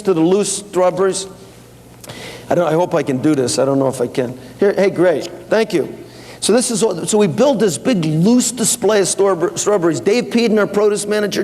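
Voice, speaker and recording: Long reverb from the hall surrounds a man with a high-sitting, darkish voice speaking to an audience at a company seminar. Casual and conversational, he shares business anecdotes, repeats dialogue back and forth, and uses fillers and restarts.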